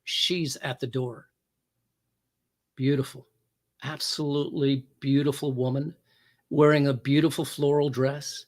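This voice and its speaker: A man's voice: mid-range voice, flat delivery, unhurried, long pauses. A former police officer telling a personal story as a talk show guest, acting out the quoted lines with big jumps in his voice.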